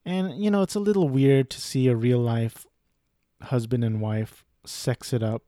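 Young guy rambling about a movie, mellow dark voice, dry close sound, cusses a lot. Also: medium pitch, fairly even intonation, unhurried, dry recording. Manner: rambling, profane, frequent restarts and asides. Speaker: film reviewer. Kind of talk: casual spoken film review.

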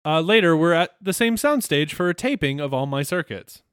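A man's voice: a little high, lively intonation, fairly quick, fairly bright tone, smooth, no echo, clean studio sound. A man co-hosting a podcast, telling the plot of a cartoon in an agreeable, chuckling way with loose fillers. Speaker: podcast co-host. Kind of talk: casual chat recapping a cartoon episode.

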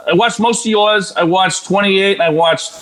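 A man's voice: sits high, normal speed, fairly bright tone. Rambling self-deprecating man with an accent. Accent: some regional accent. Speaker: reality show contestant. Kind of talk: casual interview.

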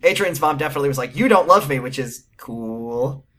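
A man's voice: mid-range voice, animated, a little fast, fairly bright tone. A man co-hosting a casual podcast, wryly retelling TV scenes with sarcastic asides. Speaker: podcast co-host. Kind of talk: casual recap chat.

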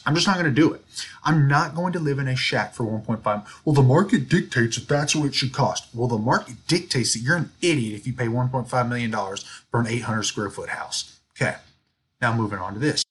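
A man co-hosting a sports podcast, telling stories in an animated, ranting way. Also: medium pitch, husky. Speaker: podcast co-host. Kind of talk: casual sports chat.

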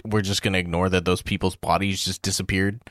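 A man's voice: deep voice, flat delivery, a little fast, a bit bright, no echo, clean studio sound. A man co-hosting a podcast, griping bluntly and emphatically with casual swearing. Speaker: podcast co-host. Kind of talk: casual chat.

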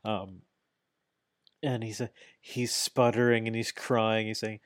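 A man's voice: lowish voice, flat delivery, slow, dry recording, clean studio sound. A man in casual podcast chat, animatedly retelling events, acting out quotes, swearing now and then. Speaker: podcast co-host. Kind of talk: casual chat recapping wrestling.

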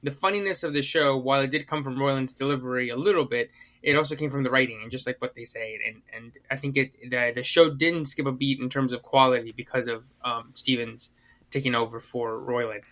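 A male podcast co-host talks through a casual chat at his own loose pace. His voice sounds bright and forward. He rambles, circling back with fillers and restarted sentences. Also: medium pitch, fairly quick.

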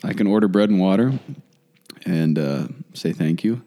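A man co-hosting a casual talk show about faith, speaking in a halting, rambling way with many restarts. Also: low voice, lively intonation, mellow. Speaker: podcast co-host. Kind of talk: casual chat.

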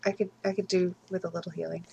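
A woman's voice: lowish voice, little pitch movement, fast, vocal fry, warm tone, dull audio, slight background noise. A woman playing in a tabletop game, hesitant with many ums while she explains rules. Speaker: player.

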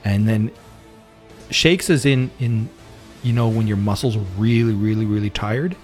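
A man narrating as game master of a tabletop game, relaxed and rambling, talking into a home mic on a voice call. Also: lowish voice, unhurried, soft background music.

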